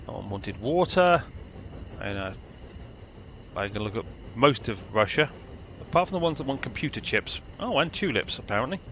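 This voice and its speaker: Dry sarcastic British man, bright voice. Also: medium pitch, animated, normal speed, slight background noise. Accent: British English. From Britain. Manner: dry, sarcastic, rambling asides. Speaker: gameplay commentator. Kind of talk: casual gameplay commentary.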